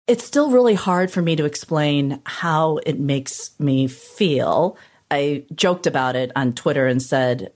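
A woman news correspondent in an interview, talking in a thoughtful, hesitant way with pauses and fillers. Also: deep voice, animated, a little mellow. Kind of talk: interview, recounting.

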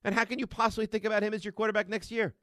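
A male sports radio host, ranting in a rapid string of repeated rhetorical questions. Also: sits high, level tone, a bit bright, no room sound, clean studio sound. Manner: emphatic, repetitive rhetorical questions. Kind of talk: sports talk radio rant. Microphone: studio microphone.

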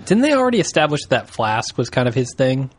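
A man co-hosting a casual podcast, laid-back and quick with quips, laughing often. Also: mid-range voice, sing-song, slightly rough. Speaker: podcast co-host.

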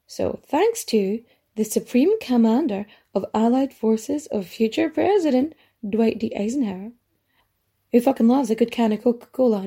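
A woman's voice: a little high, mellow, breathy edge. A woman hosting a history podcast, telling the story in a chatty, rambling way with casual swearing and asides. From Ireland. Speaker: podcast host.

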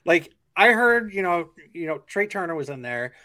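A man's voice: high-pitched, very animated, moderate pace, bright, forceful tone. A man hosting a sports podcast, chatting casually and asking questions with lots of fillers and restarts. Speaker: podcast host.

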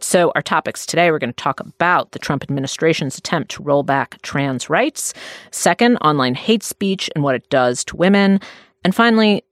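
A woman's voice: low-pitched, no echo, studio quality. A woman hosting a podcast in a casual, chatty way, laughing easily. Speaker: podcast host.

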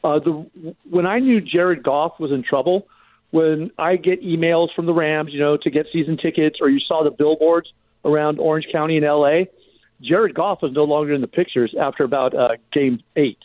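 A man's voice: on the high side, normal speed, no room sound. A male caller on a sports radio show, an eager fan who rambles and uses lots of fillers. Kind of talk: call-in radio talk. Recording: tinny phone line.

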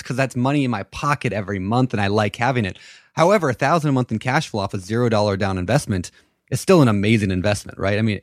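A man hosting a casual podcast interview, animated and repeating words as he starts his points. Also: mid-range voice, no room sound, studio quality. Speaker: podcast host.

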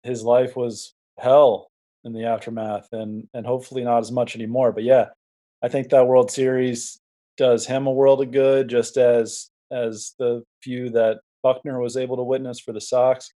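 A man co-hosting a sports podcast, talking in a measured, hesitant way. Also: mid-range voice, level tone, dark tone. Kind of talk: casual sports chat.

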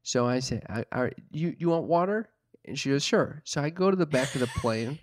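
A man's voice: on the high side, lively intonation, moderate pace, dry recording, clean studio sound. A man telling a story in casual chat, swearing a lot, exasperated, mimicking other people in mocking voices. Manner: profane, exasperated storytelling with mocking put-on quotes.

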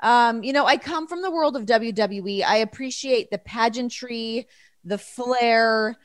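A woman's voice: fairly high pitch, a little slow, no echo. A woman guest on a podcast game show, teasing and playful in the banter. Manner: lively, teasing. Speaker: guest, TV personality.

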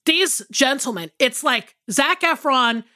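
Bright, high-voiced chatty woman. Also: takes it slowly. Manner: rambling, animated, swears freely, many fillers. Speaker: podcast co-host. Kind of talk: casual chat.

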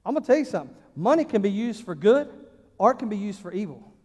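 A high-voiced man preaches a folksy, emphatic sermon. He swings from loud punches to quiet asides. His voice carries a long reverb from a large church hall. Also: very animated, quick pace. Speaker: pastor.

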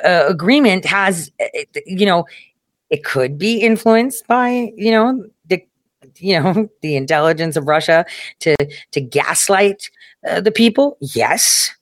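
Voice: medium pitch, no echo, studio quality. A host of a commentary show talking in a casual, rambling monologue, with many filler words, some swearing and frequent chuckles.

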